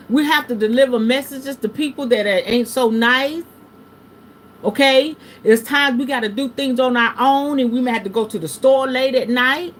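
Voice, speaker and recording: An animated woman leads a live tarot reading like a casual sermon. Her pitch swings from low and hushed to high and loud, and she drops salty curse words. A light hiss sits under the recording. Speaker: tarot reader hosting a livestream.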